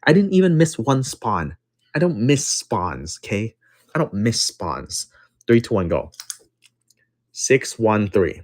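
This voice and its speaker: A man's voice: fairly low pitch, very animated, a little slow. A man hosting a card-breaking livestream, telling a story in a brash, profane, casual way, repeating lines for emphasis and counting down between breaks.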